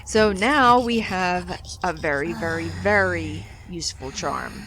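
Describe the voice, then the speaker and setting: A woman's voice: fairly low pitch, measured pace, background noise. A woman hosting a let's play, chatting casually and animatedly through the game with exasperated jokes. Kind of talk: casual gameplay commentary.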